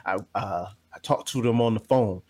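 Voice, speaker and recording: A man from New Jersey co-hosting a podcast, telling stories animatedly, laughing loudly and swearing freely. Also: fairly low pitch, normal speed. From New Jersey, USA. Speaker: podcast co-host. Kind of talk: casual podcast banter, storytelling.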